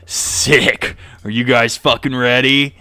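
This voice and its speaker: A man voicing a brash, swearing male battling creature with fangs, loud and cocky. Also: medium pitch, little pitch movement, slow pace, no echo.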